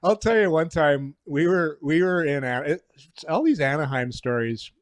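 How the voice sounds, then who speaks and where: A man and retired hockey player telling a story in a casual podcast chat, relaxed and a bit halting, with chuckles between phrases. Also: fairly high pitch, dry recording, clean studio sound.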